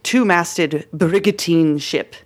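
A woman's voice: fairly low pitch, slow pace. A woman hosting a podcast, telling a history story in a casual, chatty way with many fillers and restarts.

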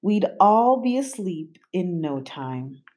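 A woman reading a children's picture book aloud in an expressive, unhurried way. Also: lowish voice. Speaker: storyteller.

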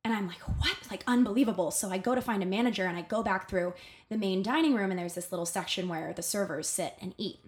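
A young woman chats as a podcast guest. She talks in a casual, animated way, piles on filler words, and jumps into little voices for the people in her story. Her pitch sits in a middling range for a woman. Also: fast talker. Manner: animated, full of "like" fillers, acts out quoted voices.

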